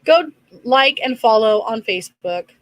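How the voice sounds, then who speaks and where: A woman co-hosting a casual live-streamed podcast, briskly giving schedules and plugs. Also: on the high side, animated, no room sound, poor audio. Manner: brisk, gives announcements and plugs. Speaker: podcast co-host.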